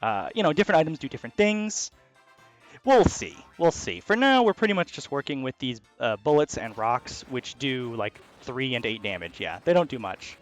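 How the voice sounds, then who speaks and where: A man giving casual commentary as he plays a video game, excitable and swearing freely. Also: mid-range voice, normal speed, faint music behind. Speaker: let's play host.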